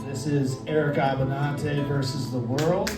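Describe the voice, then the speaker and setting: A man's voice: medium pitch, fairly even intonation, measured pace. A man doing stand-up as a comedy sidekick, telling crude jokes in a rambling way. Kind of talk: live stand-up. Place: comedy night in a dispensary. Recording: echoey room, distant mic, music.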